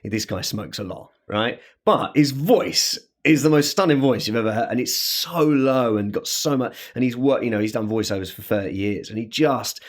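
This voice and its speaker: A man from England with a high-ish baritone, a guest chatting in an interview. He talks in a lively way and slips briefly into other people's voices. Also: normal speed, hardly any pauses. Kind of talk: casual interview chat.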